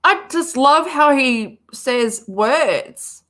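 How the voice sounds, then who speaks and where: Slow-talking Australian woman streamer. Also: sits high, expressive, fairly bright tone. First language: English. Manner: chatty, blunt, swears freely. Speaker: streamer reacting to a podcast. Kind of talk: casual reaction commentary.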